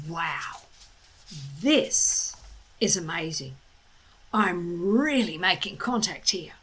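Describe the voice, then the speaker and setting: A woman reading a children's novel aloud in a slow, expressive, deliberate way. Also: fairly high pitch, rough recording. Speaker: storyteller reading a children's book. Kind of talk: storybook read-aloud.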